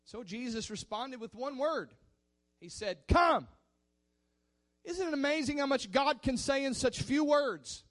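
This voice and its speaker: A man's voice: extremely high pitch, animated, normal speed. A man preaching a sermon in a fervent, emphatic manner.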